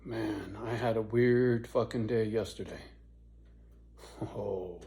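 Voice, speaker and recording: Man, fifties, unhurried drawl, salty laid-back storyteller, casual vlog. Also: lowish voice, fairly even intonation, dark tone. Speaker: YouTuber.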